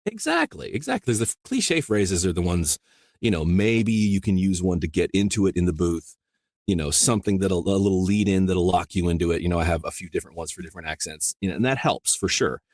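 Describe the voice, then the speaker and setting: A man from rural Iowa with a very low voice talks shop as an interview guest. He rambles easily, circling back with "you know" and restarting thoughts. The sound is close and dry. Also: lively intonation, fairly quick, darkish tone, no echo. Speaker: audiobook narrator, guest. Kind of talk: casual interview chat.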